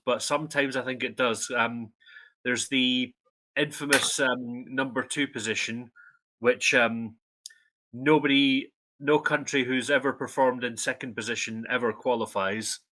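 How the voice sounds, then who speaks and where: A Scottish man acting as the resident expert on a casual music podcast, explaining things in a relaxed way. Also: medium pitch, a little slow. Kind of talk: casual chat.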